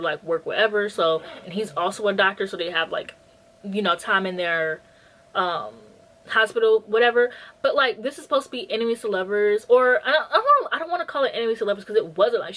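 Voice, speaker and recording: In poor audio, a woman's medium-pitched, slightly bright voice recounts books she has read for her book vlog. Her casual review summarizes plots bluntly, filled with filler words and playful imitations of the characters' lines.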